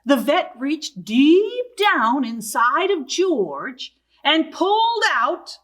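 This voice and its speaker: A woman librarian reading a picture book aloud to young children, expressive and asking them questions. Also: sits high. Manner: slow, sing-song and expressive, asking young listeners questions.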